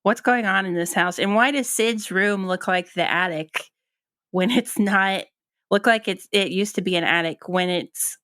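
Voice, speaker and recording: A woman's voice: mid-range voice, measured pace, fairly bright tone, no room sound, studio quality. A woman co-hosting a podcast in casual chat, hesitant with many ums and restarts. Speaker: podcast co-host.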